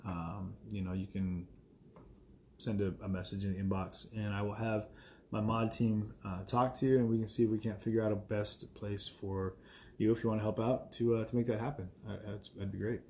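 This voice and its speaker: A man's voice: on the low side, flat delivery, normal speed, darkish tone, slight background noise. A man chatting casually to viewers on a live stream, rambling with many fillers and chuckling asides.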